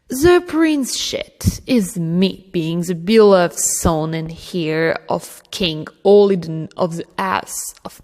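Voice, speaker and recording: A woman reading an audiobook, voicing a ruthless teenage boy prince who talks soft, menacing and mocking. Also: medium pitch. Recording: reverberant room.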